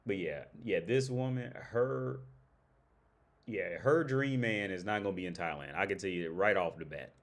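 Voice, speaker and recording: A man's voice: sits low, normal speed. A man hosting a livestream, talking bluntly and profanely in a rambling, casual way, often restarting sentences. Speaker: livestream host.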